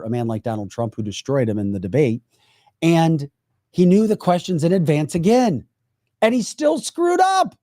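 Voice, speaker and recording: A man co-hosting a political podcast, talking in a sarcastic, animated way. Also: mid-range voice, no echo, clean studio sound. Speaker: podcast co-host. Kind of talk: casual political chat.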